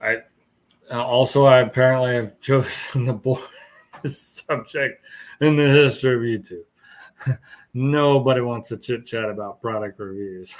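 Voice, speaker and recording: A man's voice: medium pitch, unhurried. Tired male stream host, casual rambling chat, mid-range voice, chuckles between thoughts. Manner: rambling, chuckles often, greets viewers. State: tired, yawning.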